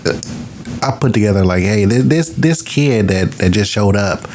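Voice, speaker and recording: Deep-voiced laid-back man. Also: animated, darkish tone, a little hiss or hum. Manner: laid-back, profane, halting. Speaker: podcast co-host. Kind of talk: casual movie discussion.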